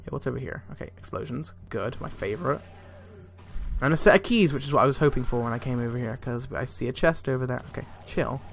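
A young man giving casual, excitable gameplay commentary, swearing a lot and laughing often. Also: mid-range voice, fast, creaky. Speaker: let's play gamer. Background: faint game music.

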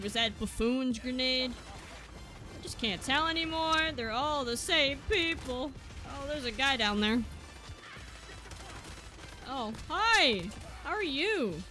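A young woman doing gameplay commentary, excitable and joking, swinging from yelling to muttering, with faint game music behind. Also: high-pitched. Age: young adult. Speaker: gaming streamer.

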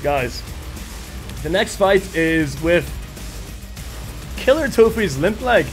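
Excitable high-voiced guy streaming a game, bit strained, faint music behind. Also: slow. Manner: excitable, thanks viewers for gifts. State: slightly strained voice. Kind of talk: live-stream commentary.

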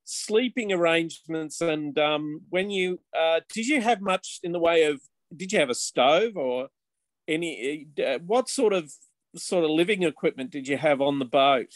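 A man hosting a video chat interview, asking questions haltingly as he searches for words. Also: on the high side, lively intonation, no echo. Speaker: host. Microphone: video call.

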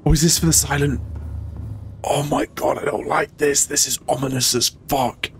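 A man's voice: on the high side, fairly even intonation, moderate pace, slight background noise. A man hosting a gaming channel, giving jittery let's-play commentary full of swearing and muttered self-talk. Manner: jittery, swears a lot, talks to himself.

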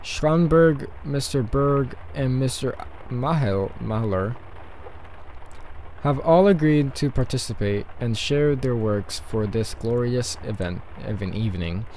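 Man reading as a game character, formal male patron, stiff, lowered voice, letter-reading. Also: takes it slowly, darkish tone, slight background noise, rough recording. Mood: grand.

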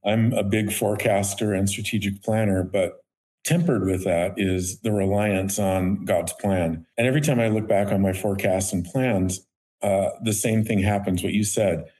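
A man co-hosting an interview, reflecting in a measured way before posing a question. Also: fairly low pitch, steady tone, a little mellow. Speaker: podcast co-host. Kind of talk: casual interview conversation.

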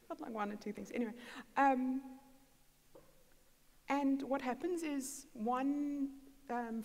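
In a church hall full of long reverb, a woman serving as guest preacher tells stories in her sermon, acting out the dialogue. Her voice is on the high side and a little mellow.

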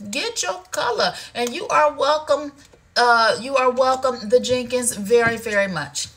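A woman's voice: on the high side, a little slow, slight background noise. A woman hosting a live shopping stream, chatting playfully and teasing her viewers. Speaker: livestream shopping host. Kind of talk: casual live sales chat. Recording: loud music underneath.

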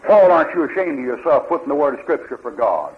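A man's voice: fairly high pitch, very animated, quick pace, a little hiss or hum. Man, fiery preacher, rhetorical questions, lo-fi old tape. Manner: rhetorical questions, mocking quoted voices. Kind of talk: fiery Bible sermon. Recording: lo-fi archival sermon tape.

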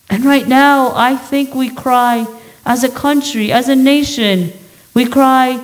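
Slow, measured woman preaching. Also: sits high, steady tone, rough recording. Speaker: pastor. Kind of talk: sermon. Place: church sanctuary.

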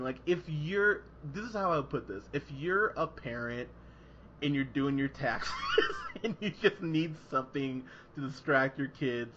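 Man, podcast reviewer, bright edgy tone, rambly and profane, lo-fi audio with faint room hiss. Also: fairly high pitch. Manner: rambling, laughing, quoting in animated voices. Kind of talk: casual profane podcast chat.

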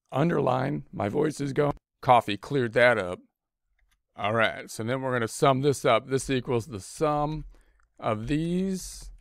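A man teaching accounting over a screen recording, walking through spreadsheet keystrokes one by one in a loose, repetitive way. His voice is smooth and clear, close on a desk mic in a dry room. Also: mid-range voice, fairly bright tone, no room sound. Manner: talks through keystrokes step by step, casual and repetitive. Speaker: accounting instructor.

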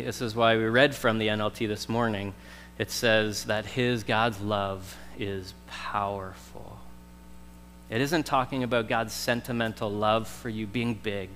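A man in his thirties preaching a conversational sermon, jumping from loud emphasis to soft, slow stressed words. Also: medium pitch, in a large hall, slight background noise. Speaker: pastor. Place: church sanctuary.

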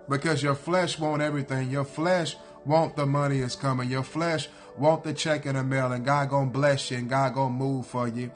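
A man preaching a sermon in a blunt, repetitive cadence, hammering his points again and again. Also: mid-range voice.

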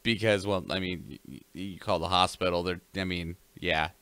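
A man's voice: low-pitched, steady tone, normal speed, fairly bright tone, clear, resonant tone, dry recording. A young man co-hosting a podcast, chatting casually about news stories in a laid-back way. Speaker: podcast co-host reading news.

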